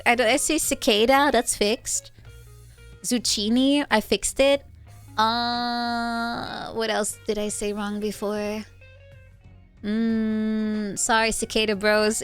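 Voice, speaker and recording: A woman from the Netherlands with a Dutch accent, chatting casually as a streamer, giggling often and squealing when excited. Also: fairly high pitch. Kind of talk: casual chat.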